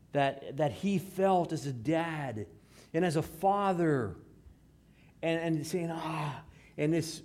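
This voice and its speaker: A man preaching a sermon, moving between hushed, slow passages and raised, emphatic ones. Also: on the high side. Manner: dramatic shifts between hushed and raised delivery. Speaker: pastor.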